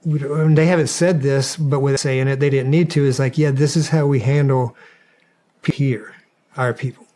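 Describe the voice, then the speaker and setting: A man's voice: mid-range voice, fairly even intonation, normal speed, dark tone. A man telling a story from his army days in a loose, rambling way, full of fillers and swearing, as a podcast guest. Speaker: guest, former soldier. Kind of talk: casual storytelling.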